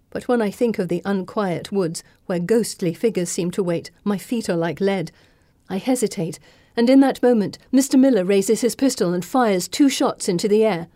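A woman reading a first-person audiobook narration with an expressive, dramatic delivery. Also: mid-range voice, no echo, studio quality.

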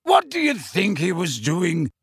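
A man's voice: a little high, animated, normal speed, a bit bright, husky, pitched above the performer's own voice, exaggerated voice. A man reading an audiobook, voicing a bold, wry adult male wizard who talks in a teasing, confident way.

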